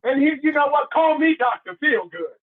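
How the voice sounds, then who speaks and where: Male motivational speaker, high voice, preacher-style delivery with call and response, heard over a tinny phone-quality line. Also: very animated, normal speed. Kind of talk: motivational talk.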